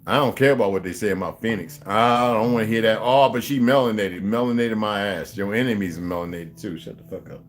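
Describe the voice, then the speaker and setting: A man hosting a casual stream from home, talking straight to his viewers in a loose, profane, animated way before reading a book aloud. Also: fairly low pitch, quick pace, few pauses. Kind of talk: casual livestream chat. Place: home room.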